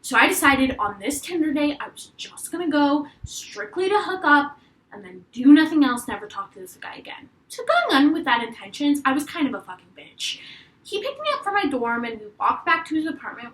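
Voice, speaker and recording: A woman's voice: sits high, brisk, roomy sound, low-quality recording. A young adult woman telling a story vlog-style into a webcam, swearing freely and acting out quotes. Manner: animated, profane storytelling with acted-out quotes. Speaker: vlogger.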